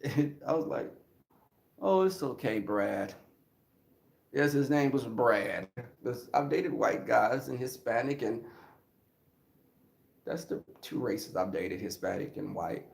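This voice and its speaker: A man's voice: mid-range voice, unhurried, creaky. A man telling comic stories as a podcast guest, laughing often and acting out voices. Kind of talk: comic storytelling. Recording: roomy echo.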